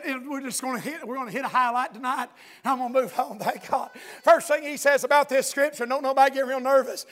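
Preacher guy, real high voice, gets fired up and hollers. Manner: fervent preaching that builds to shouting. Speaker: pastor. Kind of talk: sermon.

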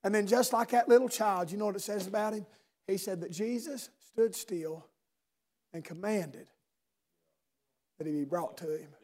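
A man preaching a sermon in a church service, swinging from loud shouting to low intimate speech and firing rhetorical questions at listeners by name. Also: normal speed, long pauses, a little hiss or hum.

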